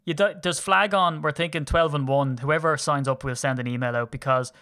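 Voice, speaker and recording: Podcast co-host, male, 30s, from Ireland; fast, jokey, slightly high voice. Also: sharp tone, clean tone. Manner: quick, jokey, teasing. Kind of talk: casual chat.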